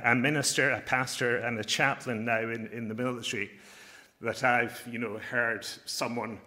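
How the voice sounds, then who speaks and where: A man preaching a sermon as a pastor and chaplain, earnest and emphatic, slowing down to stress key phrases. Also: mid-range voice, pushed and bright.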